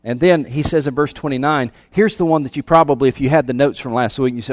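A pastor with a mid-range voice preaches a sermon conversationally, putting questions to his listeners and often repeating words. He talks briskly with hardly any pauses, and the studio-quality recording has no echo.

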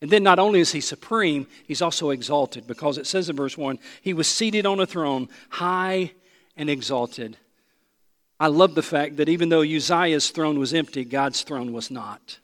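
A man preaching from the pulpit with a high-pitched voice. He is emphatic, rising to ringing proclamations and dropping low and close for the personal asides. A long reverb hangs around his words, as in a large church. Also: normal speed. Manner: emphatic, swings from loud proclamation to soft intimate asides. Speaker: pastor. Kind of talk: sermon.

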